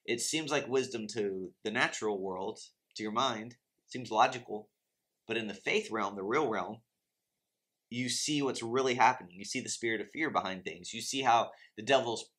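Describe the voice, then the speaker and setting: A man's voice: medium pitch, fairly bright tone. Impassioned man preaching faith and finances. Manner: impassioned, exhorting, conversational with asides. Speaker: Christian finance teacher. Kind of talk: preachy teaching talk to camera.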